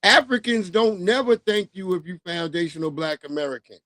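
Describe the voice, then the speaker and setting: A man hosting a livestream, telling stories in a casual, profane, animated and mocking way. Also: high voice, brisk, dry recording. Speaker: livestream host. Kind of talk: casual storytelling rant.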